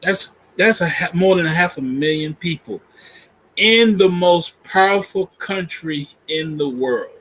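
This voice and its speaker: A man's voice: sits high, animated, unhurried, a bit bright, rough recording. Earnest man from Boston. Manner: earnest, laughs easily, cites statistics. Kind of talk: casual conversational interview.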